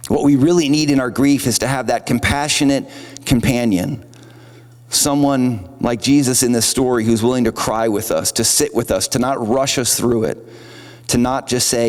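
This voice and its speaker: Male pastor, earnest conversational sermon voice, long hall reverb. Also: medium pitch. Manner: earnest, conversational preaching with acted-out quotes. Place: church auditorium.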